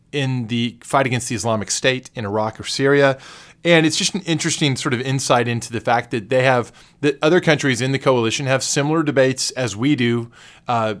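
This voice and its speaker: A man co-hosting a casual podcast, picking his way through legal analysis. He hedges and restarts often, stacking fillers as he searches for the right term. His voice sits at an ordinary middle pitch. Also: a bit bright. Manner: hesitant, many fillers and self-corrections; analytical, measured legal commentary. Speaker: podcast co-host.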